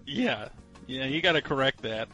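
A man's voice: mid-range voice, expressive, normal speed, sharp tone, soft background music, rough recording. A man co-hosting a radio show, joking and laughing along. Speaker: radio co-host. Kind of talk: casual radio banter.

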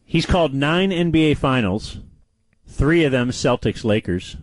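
A man co-hosting a casual sports chat show, telling stories with animated delivery. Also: measured pace, dry recording, low-quality recording. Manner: animated storyteller, lively pitch. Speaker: co-host.

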